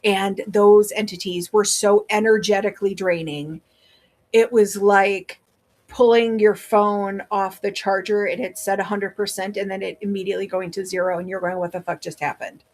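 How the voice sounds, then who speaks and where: A woman's voice: medium pitch, level tone, normal speed, a little mellow. A woman with a Wisconsin accent chatting casually on a livestream as a seller, rambling with many fillers. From Wisconsin, USA.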